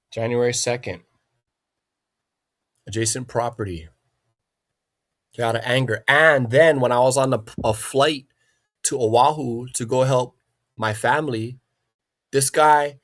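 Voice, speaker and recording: A man hosting a livestream, ranting in an agitated, profane way and often repeating himself. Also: mid-range voice. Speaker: livestream host. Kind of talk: angry livestream rant.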